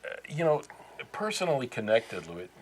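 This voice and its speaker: A man's voice: mid-range voice, normal speed, slight background noise, poor audio. A man in his sixties, a sports photographer, telling stories as a guest on a local TV show with laughing asides. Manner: animated anecdotes with laughing asides. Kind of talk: casual storytelling interview. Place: local cable TV studio.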